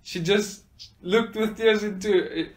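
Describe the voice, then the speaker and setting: A man's voice: high voice, steady tone, takes it slowly. A man sharing a personal faith testimony, earnest and often hesitating with fillers.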